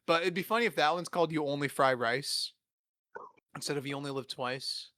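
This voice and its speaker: A man's voice: fairly high pitch, brisk, bright, forceful tone, dry recording, studio quality. A young man hosting a podcast, riffing in a rambling, profane way and laughing often. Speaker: podcast host. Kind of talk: casual comedic riffing.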